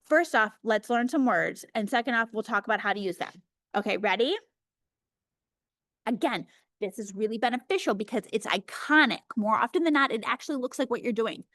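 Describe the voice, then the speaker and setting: A woman's voice: on the high side, no echo, studio quality. Upbeat woman teaching a webinar. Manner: energetic, chatty, demonstrates words slowly. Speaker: early childhood workshop presenter.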